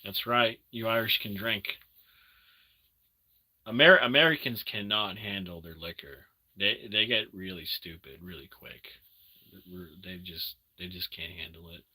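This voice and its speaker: A man's voice: sits low, animated, a little slow, bright, forceful tone, husky. A man casually chatting with viewers on a late-night live stream from home, loose and casual, swearing and groping for words.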